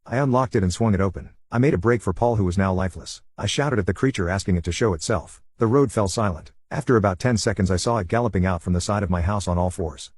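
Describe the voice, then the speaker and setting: A man with a husky voice narrating a scripted horror story at a fast, steady clip. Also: low voice, dry recording.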